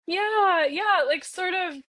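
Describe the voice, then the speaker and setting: A young woman does playful, bubbly parts-work role-play, voicing an inner part of herself and peppering her speech with "like." Her voice is very high, slow, bright, and forceful.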